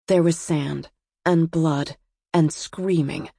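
A woman reading a novel aloud as an audiobook narrator, in a measured storytelling voice. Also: low voice, fairly even intonation, gravelly, dark tone, slightly rough, dry recording, studio quality. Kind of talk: scripted narration.

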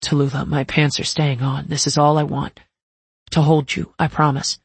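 A woman voicing a protective young man who speaks low and intimately, growling when angered. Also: level tone, normal speed, gravelly, breathy edge, no echo, heavily acted. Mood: tender. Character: young man, tender, protective, quick-tempered.

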